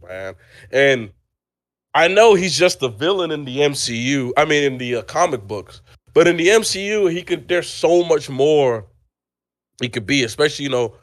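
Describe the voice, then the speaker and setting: Lively Nigerian-born man telling stories. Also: fairly high pitch, dry recording, studio quality. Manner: animated storytelling, laughs often. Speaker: podcast co-host. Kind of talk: casual chat.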